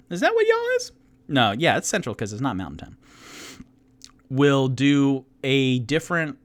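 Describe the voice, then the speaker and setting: Young man, light Southern accent, animated rambling podcast host, dead-dry recording. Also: mid-range voice, dry recording. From North Carolina, US. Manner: rambling, self-interrupting, jokey. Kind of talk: casual tipsy chat to an audience.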